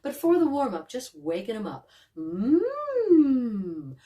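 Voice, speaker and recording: Female voice coach, gentle guided warm-up, mellow tone, mic at a distance. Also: a little high, fairly quick. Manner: calm, gentle, demonstrates sighs, yawns and hums. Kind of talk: guided vocal warm-up instruction.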